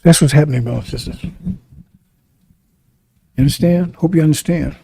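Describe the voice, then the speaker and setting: A man's voice: fairly high pitch, moderate pace, gravelly, dark tone, breathy edge. A man preaching a sermon in an emphatic, repetitive way, often turning to ask his listeners if they understand.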